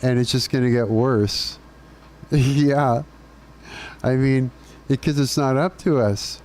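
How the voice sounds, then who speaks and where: Casual streamer guy, profane ranting, mellow low tone. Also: steady tone, takes it slowly. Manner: ranting, profane, laughing often. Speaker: live streamer. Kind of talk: casual chat with live chat.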